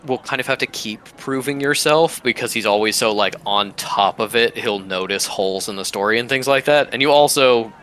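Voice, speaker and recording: A man narrating as game master in a tabletop game, speaking haltingly and filling pauses with fillers. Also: medium pitch, fairly bright tone, slight background noise.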